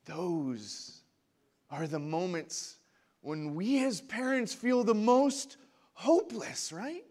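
A young man preaching a sermon to a congregation, passionate, going from quiet and low to loud and high when he acts out prayers. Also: expressive, slow pace. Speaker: pastor. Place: church before a congregation.

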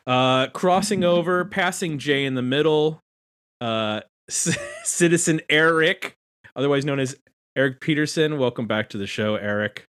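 A man's voice: medium pitch, expressive, normal speed, fairly bright tone. A man hosting a casual podcast roundtable, chatty and self-deprecating as he introduces guests. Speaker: podcast host.

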